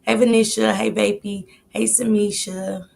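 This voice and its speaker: A woman's voice: medium pitch, level tone, measured pace, vocal fry, darkish tone. A woman in her late forties hosting a live stream, chatting casually and greeting viewers by name. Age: 40s. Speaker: livestream host.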